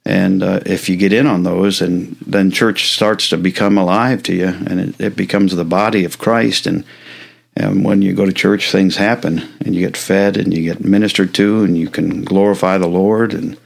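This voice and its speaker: A pastor with a low, gravelly voice rambles warmly through his points on a podcast. He strings his thoughts together with many ands and affirmations. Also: steady tone, normal speed. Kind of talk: casual podcast chat.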